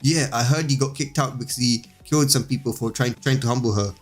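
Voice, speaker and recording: A man's voice: mid-range voice, fairly quick, faint music behind, lightly acted. Mocking village gossips, read by a man. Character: sneering, gossiping village men.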